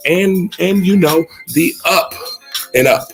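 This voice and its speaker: A man co-hosting a casual sports radio show, talking to listeners and his partner with lively hype and sudden high exclamations. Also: slow, faint music behind.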